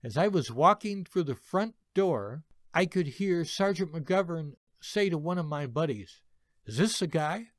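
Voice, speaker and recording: A man in his seventies, a veteran narrating a personal army story in a slow, expressive way. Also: fairly high pitch, no room sound, clean studio sound. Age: 70s. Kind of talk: reading a personal war story.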